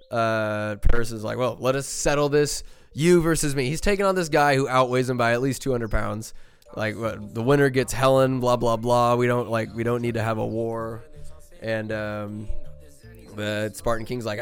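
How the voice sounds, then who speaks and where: A podcast host recaps a movie with loose, rambling enthusiasm, piling on fillers and quick jokes. His voice sits at a middling pitch. Faint music plays underneath. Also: smooth.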